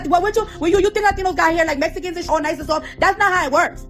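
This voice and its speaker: A woman tears into her critics in a rapid, high-pitched rant. She swears freely and circles back to the same phrases again and again, confrontational from start to finish. A faint bed of music runs underneath. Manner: profane, confrontational, repeats phrases over and over. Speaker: founder of a hair product. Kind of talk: heated off-the-cuff rant.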